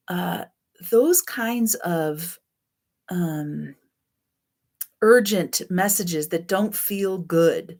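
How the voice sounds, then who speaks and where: A woman's voice: lowish voice, drawn-out words, long pauses, a little mellow. A woman teaching a self-help class on codependency in a loose, chatty way, often correcting herself. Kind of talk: spoken self-help lesson.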